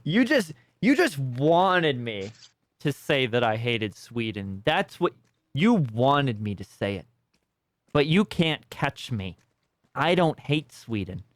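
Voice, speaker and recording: A man's voice: mid-range voice, very animated, slow pace, dry recording, clean studio sound. A man streaming a detective game, rambling and sarcastic in casual commentary at a desk microphone.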